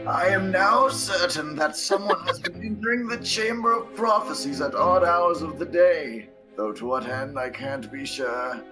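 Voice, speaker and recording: A man's voice: a little high, measured pace, hardly any pauses, over music, pitched above the performer's own voice, close to an everyday voice, low-quality recording. A man putting on a solemn old priest. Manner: formal, reverent reading. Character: elderly pious male priest writing his journal.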